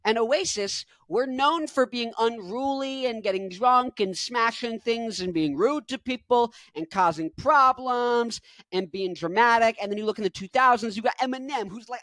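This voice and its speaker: A man in his twenties giving rambling, jokey reaction commentary, jumping into loud bursts. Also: sits high, normal speed, no echo. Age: 20s. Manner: rambling, jokey, goes off on tangents. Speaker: rock musician reacting to a video.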